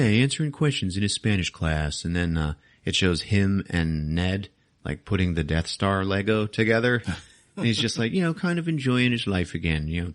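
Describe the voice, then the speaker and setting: A man hosting a podcast, recapping a movie in loose casual chat, swearing and laughing as he acts out the scenes. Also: low-pitched. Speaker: podcast host.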